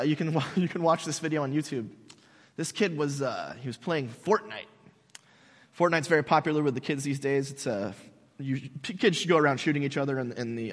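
A man preaching a casual, animated sermon, telling stories conversationally. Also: a little high. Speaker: pastor. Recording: long hall reverb.

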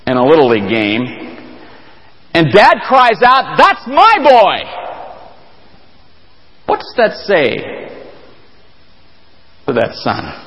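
Earnest pastor preaching in a reverberant hall. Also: male voice, muffled recording. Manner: earnest, emphatic, with big rises in pitch for stress. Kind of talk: sermon.

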